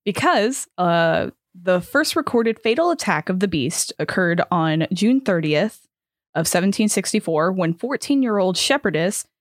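A young woman with a lowish voice, co-hosting a podcast in a close, dry recording. She chats casually, swears freely and laughs easily. She trips over words while reading out her story. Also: lively intonation, unhurried, dry recording. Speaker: podcast co-host.

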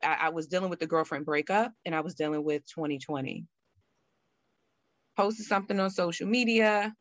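A woman's voice: on the low side, moderate pace, dry recording, lo-fi sound. A woman guest telling a personal story candidly and animatedly, acting out her own thoughts.

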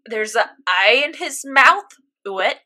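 Young woman, animated recap, bright voice, slightly high. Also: takes it slowly. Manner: animated storytelling, acts out reactions. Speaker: podcast co-host recapping an anime. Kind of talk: casual chat.

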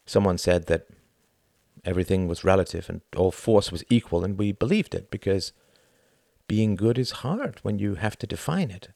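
A man voicing a sorrowful, reflective British ambassador in an audiobook, speaking in a quiet, measured, grave way. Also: deep voice, expressive, gravelly, no echo, studio quality, heavily acted.

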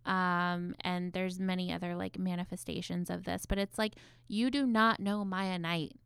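A woman's voice: lowish voice, level tone, normal speed, creaky, a bit bright, smooth, no echo, clean studio sound. A woman therapist co-hosting a podcast, talking casually with frequent "um" and "like.". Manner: conversational, hesitant fillers.

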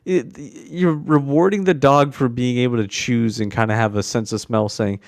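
A man's voice: mid-range voice, moderate pace, darkish tone, no echo, studio quality. A man co-hosting a podcast, ranting in casual chat in an exasperated way. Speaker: podcast co-host.

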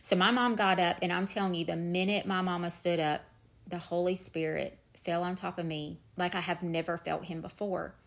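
A woman's voice: fairly low pitch, fairly even intonation, moderate pace, vocal fry, a bit bright. Earnest woman sharing her testimony. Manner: earnest, emphatic, repeats "I'm telling you". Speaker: podcast host. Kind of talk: personal faith testimony.

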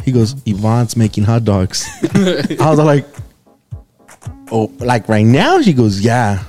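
A man co-hosting a radio show, telling a funny story in a casual, animated way, laughing often. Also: mid-range voice, measured pace, long pauses, soft background music.

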